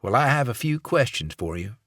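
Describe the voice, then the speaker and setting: A man's voice: medium pitch, very animated, fairly quick, a bit bright, no echo, studio quality, pitched above the performer's own voice. A man voicing a folksy male sheriff's investigator who chats easily while probing with questions. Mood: chatty probing. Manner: chatty, probing, easygoing.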